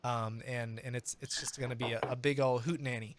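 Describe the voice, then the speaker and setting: A man's voice: medium pitch, level tone, a little fast, background noise. A man narrating as game master in a tabletop game, rambling with plenty of fillers.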